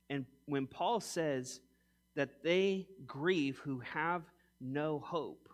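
A pastor in his forties preaches emphatically, swinging between loud, punchy lines and quiet, low ones. He humorously acts out mock quotes.

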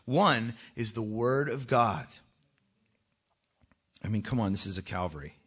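Guy leading worship telling a church his story, jokey, keeps laughing, then gets loud and pushy about it. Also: lowish voice, lively intonation, unhurried, breathy edge. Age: adult with children. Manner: joking, self-mocking, often laughing; grows loud and urgent when exhorting. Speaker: worship leader. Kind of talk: testimony talk to a church congregation.

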